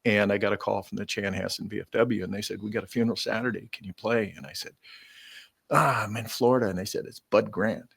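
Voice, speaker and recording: An older man with a low, gravelly voice tells rambling stories, pausing often on fillers and breaking into laughs. The sound is close and dry, with no room around it. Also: fairly even intonation, fairly bright tone, no room sound. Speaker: guest bugler. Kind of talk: casual storytelling.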